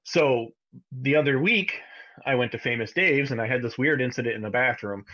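A man in his thirties co-hosting a podcast, telling a family story in a casual, animated way, sometimes jumping high to imitate his child. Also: normal speed, lo-fi sound. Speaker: podcast co-host.

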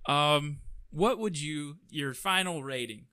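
Young male co-host, relaxed and agreeable, bright voice, dry close sound. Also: fairly high pitch, slow pace, clean tone, no echo. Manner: easygoing, mostly short agreeing replies. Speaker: podcast co-host. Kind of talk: casual chat.

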